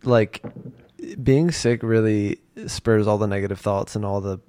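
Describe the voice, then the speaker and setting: A man's voice: on the low side, fairly even intonation, unhurried, dark tone, clean tone, no room sound. Joking, self-mocking male podcast host. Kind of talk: casual podcast chat.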